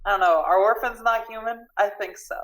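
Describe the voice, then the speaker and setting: A woman's voice: mid-range voice, brisk. A woman playing a tabletop game, describing her character with giggles, self-deprecation and trailing sentences. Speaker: player. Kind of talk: casual tabletop play.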